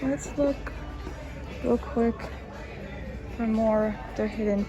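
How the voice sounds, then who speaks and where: A woman in her early twenties filming a casual shopping vlog inside retail stores, talking excitedly and gushing over what she finds. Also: on the high side, slow pace, lo-fi sound, over music. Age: early 20s. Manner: excitable, gushing, exclaims often. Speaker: vlogger. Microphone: handheld phone camera.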